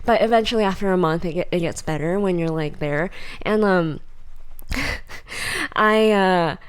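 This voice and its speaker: A young woman co-hosting a podcast, telling a story in a casual chat with lots of laughter and lively acted-out quotes. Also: on the low side, normal speed, smooth. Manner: animated storyteller, acts out voices, laughs often. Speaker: podcast co-host.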